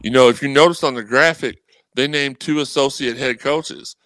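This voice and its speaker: A man chatting casually on a sports podcast, animated and rambling, acting out messages from fans. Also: mid-range voice, moderate pace, dry recording, rough recording. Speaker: guest co-host.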